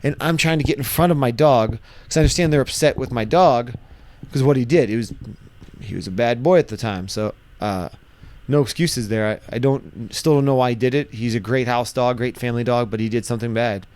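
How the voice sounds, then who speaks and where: Animated man telling a story dry. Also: medium pitch, a little fast, dry recording. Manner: animated, acts out shouted quotes, frequent restarts. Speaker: vlogger. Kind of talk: casual storytelling to camera.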